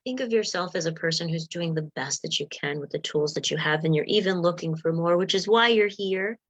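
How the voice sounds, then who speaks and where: A woman's voice: fairly low pitch, brisk. A woman mindset coach giving a motivational talk to viewers, encouraging and acting out inner voices.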